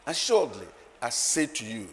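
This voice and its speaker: A man preaching a sermon, moving from quiet asides to loud, laughing declarations. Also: medium pitch, very animated, moderate pace. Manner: emphatic, swings from soft asides to loud declarations, laughs often. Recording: long hall reverb, faint ambient noise.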